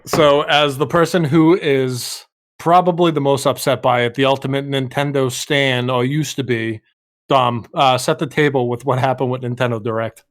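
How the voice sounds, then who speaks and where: A male co-host with a mid-range voice, relaxed and teasing. He moves the conversation along with playful jabs. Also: mid-range voice, normal speed. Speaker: podcast co-host. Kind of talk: casual podcast chat.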